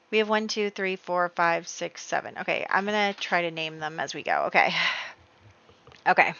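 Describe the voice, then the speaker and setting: A woman hosting a casual gameplay video, excitable and full of exclamations as she talks to her viewers. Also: on the low side, moderate pace, gravelly, no room sound, muffled recording. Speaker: let's play host.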